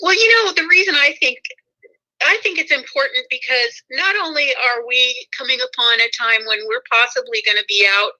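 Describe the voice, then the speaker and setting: Bright, giggly woman guest. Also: sits high, normal speed, rough recording. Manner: warm-hearted, giggly, earnest. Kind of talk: casual chat.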